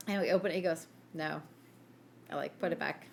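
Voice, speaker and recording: A woman's voice: low voice, brisk, vocal fry, slight background noise. A woman co-hosting a casual chat podcast, telling stories with lots of laughter and acted-out quotes. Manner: animated storyteller, laughs often, acts out quotes. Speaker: podcast co-host.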